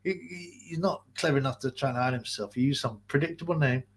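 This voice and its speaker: A man's voice: mid-range voice, fast, breathy edge. A man hosting a livestream, chatting in a rambling, profane way and laughing often. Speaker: livestream host. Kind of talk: casual livestream chat.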